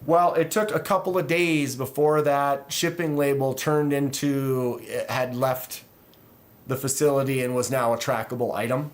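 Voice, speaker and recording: A man's voice: mid-range voice, fairly even intonation, moderate pace. A man hosting a knife channel, telling a long frustrated story in a rambling way, with sighs and restarts. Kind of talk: casual livestream chat.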